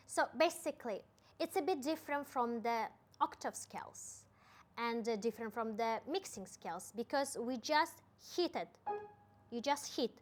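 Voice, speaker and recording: A woman's voice: high voice, animated, moderate pace. A young woman with a Kazakh accent explaining piano octave technique, counting out the hand actions aloud as she demonstrates. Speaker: piano teacher.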